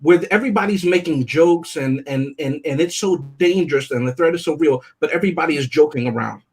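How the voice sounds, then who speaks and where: Man, husky voice, slightly high, methodical and skeptical. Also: brisk. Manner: methodical, picks apart plot logic. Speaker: podcast co-host. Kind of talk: casual review chat.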